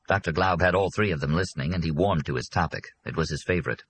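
Low, husky male audiobook narrator. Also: fast talker, few pauses, a bit bright, no echo.

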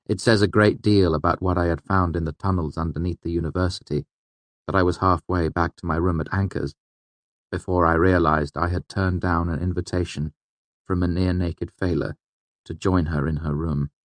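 A man reading a novel aloud as narrator, in measured, tense storytelling. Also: low voice, fairly even intonation, no room sound. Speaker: audiobook narrator. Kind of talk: scripted narration.

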